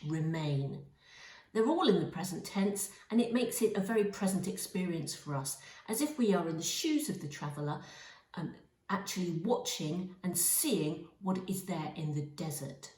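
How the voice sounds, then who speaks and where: A woman teaching a lesson on a poem, speaking in a measured way and stressing key words. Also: on the low side, darkish tone. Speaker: English literature teacher. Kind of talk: poetry lesson. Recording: roomy, from a distance.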